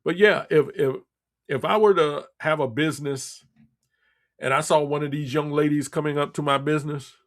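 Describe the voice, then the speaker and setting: A man holds forth on his own radio talk show in a blunt, scolding monologue, circling back to repeat his points. His voice sits a little high for a man. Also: steady tone, normal speed. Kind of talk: political commentary monologue.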